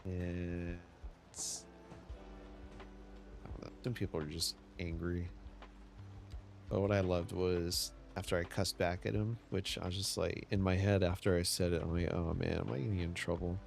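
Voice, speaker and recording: A man's voice: sits low, little pitch movement, a little slow, gravelly, long pauses. A man streaming a city-building game, chatting casually and telling a rambling story with many restarts. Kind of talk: casual gameplay chat. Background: faint game music.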